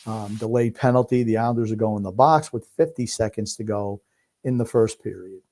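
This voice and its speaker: A man's voice: fairly low pitch, a little fast, a little mellow. A man co-hosting a casual sports podcast, laid-back and rambling as he watches a game. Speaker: podcast co-host.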